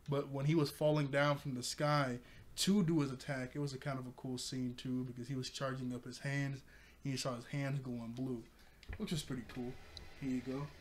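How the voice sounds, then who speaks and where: A man sits by his TV and walks through an anime episode in a loose, chatty way. He laughs easily, trips over his words and corrects himself as he goes. His voice sits at an ordinary middle pitch for a man. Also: a little hiss or hum. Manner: rambling, laughs often, self-corrects. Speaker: anime reviewer. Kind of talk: casual recap. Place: room with a TV.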